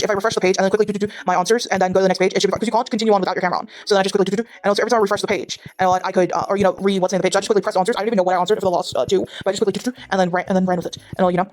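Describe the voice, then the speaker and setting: A woman's voice: medium pitch, steady tone, rapid-fire, a little mellow. A young woman from Durban with a South African accent, chatting over a video game at home and rambling with many restarts and fillers. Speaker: gaming vlogger. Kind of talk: casual chat over gameplay. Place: home, with her dog beside her.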